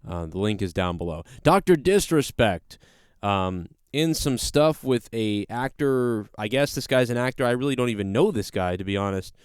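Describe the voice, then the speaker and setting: Man, podcast host, casual rant, blunt and profane, clear resonant voice, dry close sound. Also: mid-range voice, lively intonation, normal speed, dry recording.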